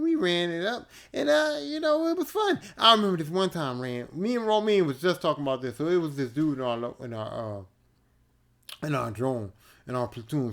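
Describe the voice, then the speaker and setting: A male podcast host telling a casual story alone, laid-back, profane and animated. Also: on the high side.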